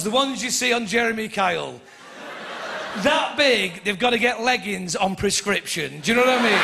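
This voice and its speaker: A northern English stand-up comedian with a high, gravelly voice works the crowd in a brash, teasing way. His voice rings through an echoey live venue, over loud audience laughter and chatter. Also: noisy background. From north of England. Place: comedy club stage.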